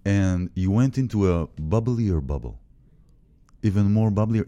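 A male host with a very deep voice and a very dark, mellow tone. He speaks slowly and thoughtfully in a casual interview and offers his reflections on what the guest says. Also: animated. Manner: reflective, gives frequent short backchannels.

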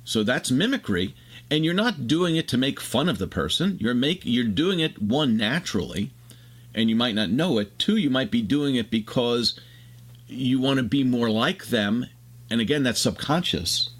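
Male host, mid-pitched, expansive explainer, casual chat. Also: animated, fairly bright tone. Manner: expansive, explanatory, fast bursts. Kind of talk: casual conversation, explaining ideas.

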